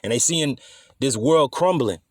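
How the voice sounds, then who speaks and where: A man teaching scripture in a loose, conversational way, emphatic and quick to curse. His voice sits in a middle register and sounds dry and close to the mic. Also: mid-range voice, lively intonation, no echo. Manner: emphatic, conversational, swears casually. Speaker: bible teacher.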